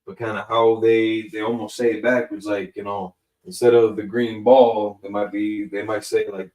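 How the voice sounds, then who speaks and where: A man's voice: on the low side, little pitch movement, darkish tone. A man casually explaining grammar as a teacher, thinking aloud and correcting himself as he goes. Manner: slow, thinking aloud, with fillers and self-corrections. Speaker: Hebrew language teacher. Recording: echoey room, distant from the mic.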